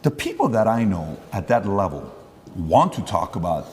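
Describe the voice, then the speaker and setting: A man's voice: fairly low pitch, big pitch swings, moderate pace, darkish tone, long reverb tail, slight background noise. A man hosting an interview, rambling through long setups and acting out dialogue between questions. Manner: rambling, acts out dialogue, many fillers. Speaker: interview host.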